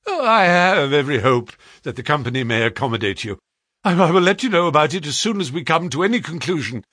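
A man voicing a nervous male company manager who talks in a rushed, strained, pleading way. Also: mid-range voice, very animated, a bit bright, no room sound, clean studio sound. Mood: frantic.

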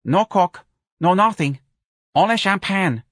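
A man's voice: sits high, lively intonation, takes it slowly, fairly bright tone, slightly rough, no echo, studio quality, pitched above the performer's own voice, exaggerated voice. A male narrator voicing a pushy, threatening bar hostess. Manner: brash, wheedling, threatening. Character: pushy fortyish female bar hostess, menacing.

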